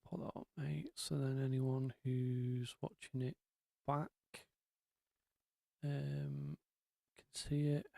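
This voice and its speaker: A man's voice: mid-range voice, little pitch movement, slow pace, vocal fry, pauses often, warm tone, no echo. A man hosting a casual live-stream chat, rambling along with lots of ums and asides.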